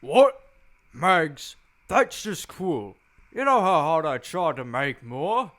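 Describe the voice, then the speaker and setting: A man's voice: a little high, sing-song, slow, a bit bright, exaggerated voice. A man voicing a brawny, blustering tycoon with wounded pride in an amateur fan dub. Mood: hurt.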